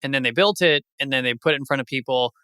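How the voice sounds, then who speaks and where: A man's voice: medium pitch, fast talker, bright, forceful tone, clear, resonant tone, no echo. A man co-hosting a podcast, talking in a loose, conversational way with many fillers. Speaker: podcast co-host. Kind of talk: casual interview talk.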